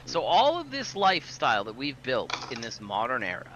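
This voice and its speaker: A man's voice: medium pitch, wildly swooping pitch, brisk, highs cut off, background noise. A man telling a long, profane story in casual podcast chat. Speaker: podcast co-host.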